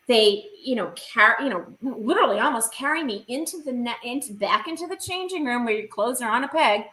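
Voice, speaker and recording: Bright-voiced woman telling an emotional story. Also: high-pitched, echoey room, poor audio. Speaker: guest. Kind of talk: recounting a personal experience in an interview.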